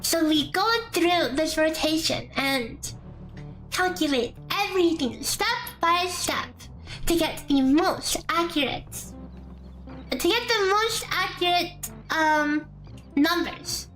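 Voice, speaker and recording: High bright-voiced woman streamer, slow chatty rambling, faint music behind. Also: low-quality recording. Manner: chatty, rambling, playful asides. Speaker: streamer explaining a damage calculator. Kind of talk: casual live-stream explanation. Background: faint background music.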